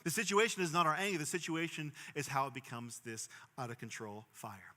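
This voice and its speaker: A young man preaching a sermon as pastor, earnest, swinging from emphatic bursts to quiet, low stretches. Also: brisk, long reverb tail. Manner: earnest, rising to emphatic bursts then dropping soft.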